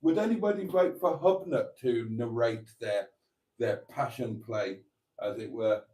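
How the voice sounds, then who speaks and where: A man's voice: mid-range voice, unhurried, darkish tone. A middle-aged man hosting a casual livestream, reading out viewer comments and often breaking into laughter. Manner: giggly, keeps breaking into laughter. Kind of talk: casual live chat.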